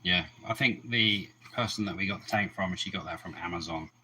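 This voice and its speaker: A man's voice: sits low, fairly quick, pushed and bright, a little hiss or hum, poor audio. A man co-hosting a casual livestream about aquariums, laid-back with short replies. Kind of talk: casual chat.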